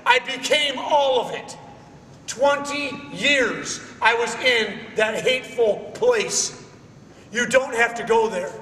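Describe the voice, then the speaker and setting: A man with a very high, bright, forceful voice preaches to a room of schoolchildren. His delivery is emphatic and streetwise, full of questions to the crowd. He is heard from a distance in an echoey hall with a faint hiss behind. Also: slow. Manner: streetwise slang. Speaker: motivational speaker. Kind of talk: motivational talk to schoolchildren. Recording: echoey hall recorded from far off.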